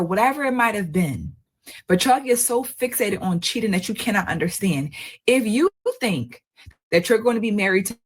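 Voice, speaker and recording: Husky woman lecturing viewers. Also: medium pitch. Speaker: relationship commentator. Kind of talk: responding to comments.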